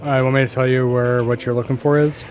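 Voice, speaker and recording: A man co-hosting a let's play, making dry jokes in relaxed casual chat and swearing freely. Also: mid-range voice, quick pace, slight background noise.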